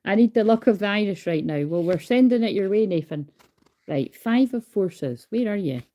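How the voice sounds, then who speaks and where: A hyper woman chats through a casual card reading on a livestream, talking into her phone. She swears freely and keeps up an easy, informal patter at a middling pitch. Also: expressive, a little fast, mellow. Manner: chatty, swears freely, calls herself hyper. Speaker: tarot card reader.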